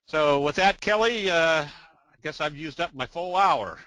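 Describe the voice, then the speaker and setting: An older man talks through a trading webinar in a loose, folksy way, full of fillers and little jokes. His voice is bright and forceful, with a dry close sound. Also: on the high side, lively intonation, measured pace, no echo, low-quality recording. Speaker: trading presenter. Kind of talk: webinar presentation.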